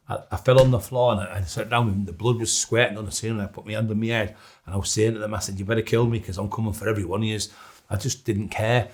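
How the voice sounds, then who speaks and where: Casting note: middle-aged man, somewhat low voice, blunt documentary interviewee who rambles and restarts.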